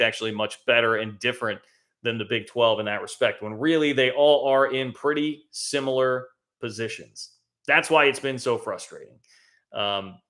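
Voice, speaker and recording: A man's voice: mid-range voice, bright, forceful tone. A man hosting a live college football talk stream, giving conversational, emphatic commentary as he thinks aloud. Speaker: college football show host.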